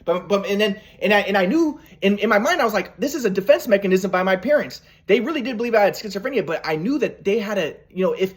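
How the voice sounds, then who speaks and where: A man's voice: high voice, lively intonation, fast talker, few pauses. A man telling a personal story in a rambling way, with many restarts, acting out what people said. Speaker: vlogger.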